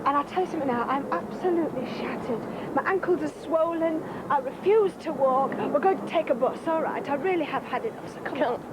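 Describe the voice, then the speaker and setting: Bubbly, high British woman presenter. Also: fairly quick, hardly any pauses, very noisy. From Great Britain. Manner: playful, jokey. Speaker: children's TV presenter. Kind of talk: chatty presenting on location.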